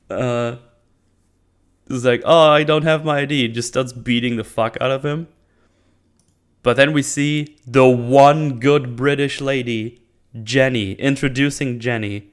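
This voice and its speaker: A man hosting a movie review channel, recapping a film in a casual, rambling way with lots of swearing and restarts. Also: mid-range voice. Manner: rambling, profane, with frequent restarts.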